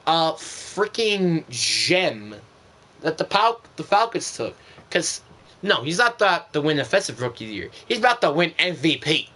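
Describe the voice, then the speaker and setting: Slow-talking, exasperated young man ranting. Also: high-pitched, animated, pushed and bright. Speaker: streamer. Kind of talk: casual gameplay commentary.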